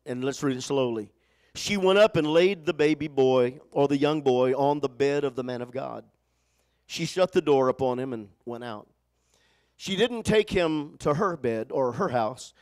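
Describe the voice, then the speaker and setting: Male pastor with a high voice, preaches with call-and-response and drops to hushed storytelling, often repeats words as he starts a phrase. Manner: swings from loud exhortation to hushed, low storytelling. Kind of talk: sermon.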